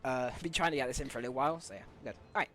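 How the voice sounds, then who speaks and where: A man's voice: mid-range voice, a bit bright, soft background music. A man commentating his own speedrun live, eager and full of fillers, out of breath with a sore throat. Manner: fast, eager, with frequent fillers.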